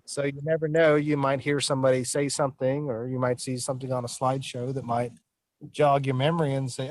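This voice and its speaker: A man on a program panel giving plain-spoken, relaxed advice about bidding jobs. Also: medium pitch, a little fast, no echo, rough recording. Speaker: estimator coach. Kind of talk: online panel discussion.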